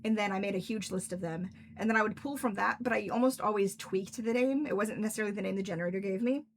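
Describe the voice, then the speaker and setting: Young woman, stream host, casual rambling talk, gravelly fry, faint background hiss. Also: mid-range voice, fast. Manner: chatty, rambling, frequent "like" fillers. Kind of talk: casual livestream Q&A. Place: indoors at home, in cosplay.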